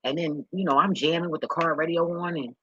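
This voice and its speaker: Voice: medium pitch, steady tone, brisk, pushed and bright, husky, highs cut off. A vlogger talking straight to viewers in a rambling, profane and emotional way. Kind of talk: candid monologue to viewers.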